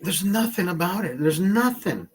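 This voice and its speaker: Chatting with viewers on a casual livestream, a man rambles and swears constantly from his California home setup. He speaks at normal speed in a high, expressive, slightly rough voice.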